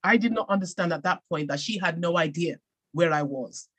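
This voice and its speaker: A woman's voice: fairly low pitch, brisk, fairly bright tone, breathy edge. An English woman from England, a podcast guest and author, telling her own story in an earnest, reflective way with frequent restarts. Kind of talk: personal storytelling in a podcast interview.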